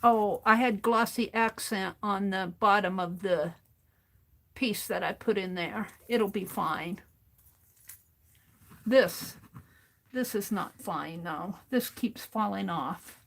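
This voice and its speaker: A woman's voice: medium pitch, takes it slowly, vocal fry, pauses often, a bit bright. A woman livestreaming as she crafts at her desk, chatting casually and thinking aloud to herself as she works. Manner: talks to herself while working, thinking aloud. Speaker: crafting streamer.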